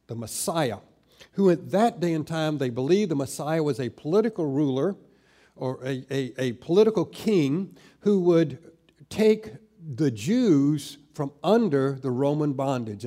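A middle-aged man preaching a sermon as pastor, slowing down and growing louder when he stresses scripture. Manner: slows down and rises in pitch and volume when stressing scripture.

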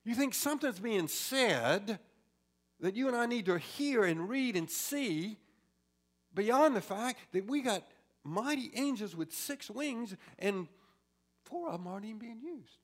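A man preaching a sermon, swinging from loud exclamations to hushed whispers. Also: high-pitched, animated, a little slow.

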